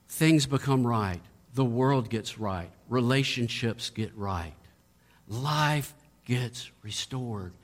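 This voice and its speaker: A middle-aged man preaching a sermon, asking strings of rhetorical questions and building to emphatic peaks. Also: on the high side. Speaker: pastor.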